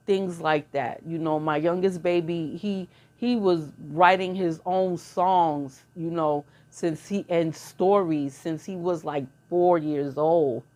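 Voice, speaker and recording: A middle-aged woman holds forth in a loose, casual monologue with a lowish voice. She talks bluntly in slang and laughs often as she tells her stories. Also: darkish tone. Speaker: channel host.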